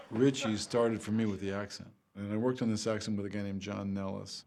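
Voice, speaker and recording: A man, an actor, talking in a reflective, measured way about building a character and an accent. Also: fairly low pitch, steady tone, darkish tone. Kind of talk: interview for a featurette.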